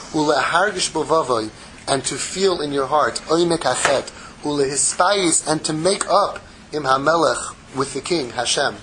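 A man giving a casual, animated Torah class, acting out little dialogues and dropping in Hebrew phrases. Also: mid-range voice, slight background noise, rough recording. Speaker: Torah teacher.

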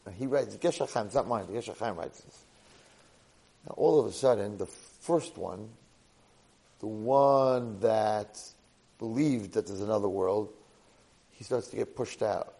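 A man teaching a Torah portion lesson to a live class, an animated storyteller sprinkling in Hebrew and Yiddish words. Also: fairly low pitch, measured pace, long pauses, slightly rough, rough recording.

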